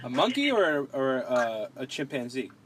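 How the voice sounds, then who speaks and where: A man's voice: medium pitch, very animated, normal speed, very noisy. A man hosting a casual podcast chat, rambling with frequent restarts and pushing back on his guest. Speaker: podcast host.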